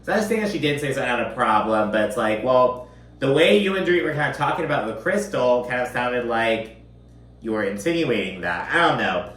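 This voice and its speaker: A man's voice: mid-range voice, lively intonation, brisk, fairly bright tone. A man giving a casual, profane recap of a reality TV episode, chatty and full of filler words. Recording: roomy, mic at a distance.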